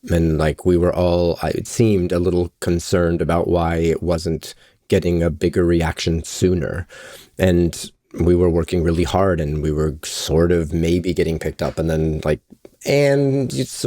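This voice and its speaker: A man's voice: low-pitched, unhurried, mellow. A man who is a guest actor on a podcast, talking candidly with small restarts. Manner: candid, reflective, stammers on restarts. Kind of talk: casual podcast interview.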